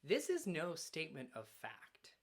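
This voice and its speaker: A male minister giving a sermon at a church, earnest and measured, with dramatic pauses. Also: fairly high pitch, wildly swooping pitch. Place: church sanctuary.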